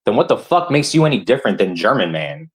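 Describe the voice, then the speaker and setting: A man ranting on a livestream, furious and profane, talking straight to his viewers. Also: fast. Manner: furious, profane, lively pitch. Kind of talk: angry livestream rant.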